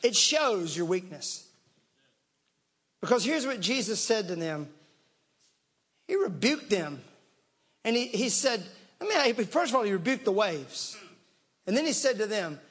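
Male pastor, very high voice, lively sermon delivery with playful acted-out shouts. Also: unhurried, pauses often, husky. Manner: animated, acts out panicked voices and shouts; talks to the congregation directly, laughs along.

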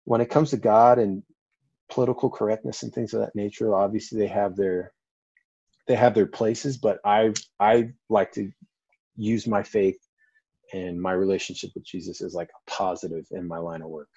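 A man's voice: fairly low pitch, steady tone, moderate pace, gravelly, warm tone, slightly rough, dry recording. A man, a firefighter and paramedic, telling a story in a casual interview in an earnest, rambling way with many fillers. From Colorado, US. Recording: dull lo-fi dry audio.

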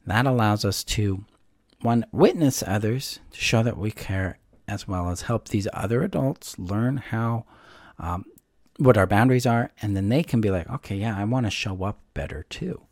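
A man teaching about codependency and boundaries, speaking gently and reassuringly, with frequent ums and likes. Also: lowish voice, measured pace, no room sound, clean studio sound. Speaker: codependency coach and course teacher. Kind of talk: calm instructional talk to camera.

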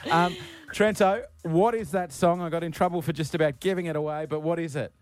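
A man's voice: fairly high pitch, fairly even intonation, a crowd in the background. Jokey Australian radio host, man. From Queensland, Australia. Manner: jokey, teasing, quick asides. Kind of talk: casual radio banter. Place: radio studio.

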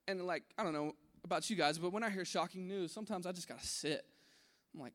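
A fast-talking preacher with a high voice gives a relaxed, conversational sermon to an audience in a large room, his voice ringing with long hall reverb. Animated, he acts out voices in his story and swings from loud to hushed, dropping to a hush at key points.

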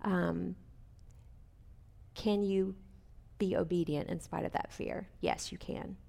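Chatty woman teaching Bible study, gravelly. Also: fairly low pitch, steady tone, slow, dark tone. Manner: chatty, asks listeners questions, many fillers.

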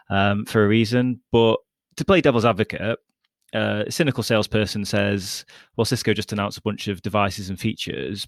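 A man's voice: on the low side, dry recording, clean studio sound. A man hosting a podcast in a casual, easygoing way, steering the conversation.

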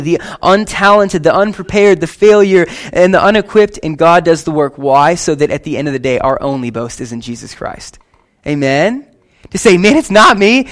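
Young man, pastor, lively conversational sermon, slightly higher voice. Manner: animated, conversational preaching with quick asides.

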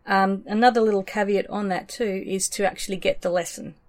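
A woman co-host jumps in with agreement and adds practical tips in casual conversation. Her voice has a middle pitch. She laughs easily between points. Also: steady tone, a little fast. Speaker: podcast co-host. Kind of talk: casual chat.

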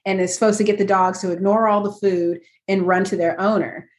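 A woman's voice: medium pitch, fairly even intonation, fairly quick, roomy sound. A woman chatting casually as a guest, self-deprecating and laughing often as she talks. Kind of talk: casual chat.

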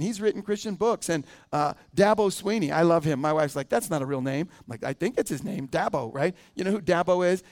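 High-voiced pastor preaching conversationally. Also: male voice, darkish tone. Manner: conversational, asks the congregation questions. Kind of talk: sermon.

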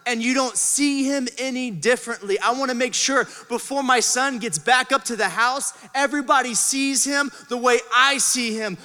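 A middle-aged man, a pastor, preaching a sermon in a church auditorium, acting out voices and swinging between shouts and hushed asides. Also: very high voice, moderate pace. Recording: large hall with long reverb.

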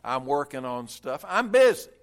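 A man's voice: on the high side, very animated, unhurried, pushed and bright, full character voice. A preacher voicing a busy father who brushes off his son from his desk, sounding distracted and reluctant.

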